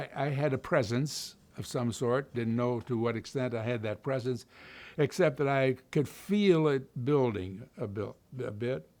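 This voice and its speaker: Older Kentucky-raised man telling stories. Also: mid-range voice. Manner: relaxed storytelling with many fillers and restarts. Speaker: interviewee. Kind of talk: oral history interview.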